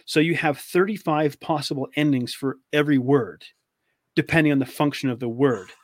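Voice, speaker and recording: A man's voice: on the high side, moderate pace, no room sound, clean studio sound. A man from Canada telling stories in casual chat as a guest, full of fillers and easy laughs.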